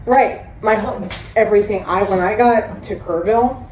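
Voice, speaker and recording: A woman hosting a podcast, telling recovery stories in a blunt, profane and animated way. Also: mid-range voice, moderate pace. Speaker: podcast host. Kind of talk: candid recovery chat. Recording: roomy echo with faint hiss.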